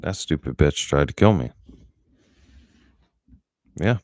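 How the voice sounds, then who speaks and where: A man's voice: very deep voice, animated, takes it slowly, a little mellow, dry recording, studio quality. A middle-aged man telling a story in a blunt, profane, angry way, as a casual vlogger.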